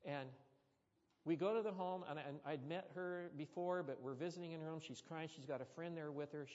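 A man's voice: a little high, lo-fi sound. Preacher man telling a story in a hall. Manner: storytelling, animated with sudden loud bursts. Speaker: pastor. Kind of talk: sermon.

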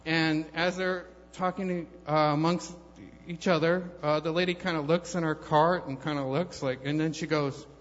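A man's voice: a little high, steady tone, moderate pace. A man giving a personal testimony at church, telling his story in a rambling, conversational way with many fillers and restarts. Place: church hall. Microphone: handheld microphone held too far off. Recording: long hall reverb, dull lo-fi sound.

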